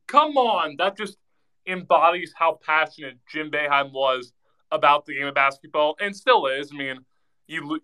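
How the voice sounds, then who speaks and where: A man joining a casual online chat, talking in an animated way with a laugh in his voice. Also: a little high, clear, resonant tone, low-quality recording. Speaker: participant.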